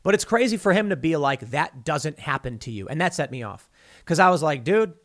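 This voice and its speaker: A male podcast host giving a heated monologue, animated and stammering often as he restarts his sentences. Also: on the high side. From United States.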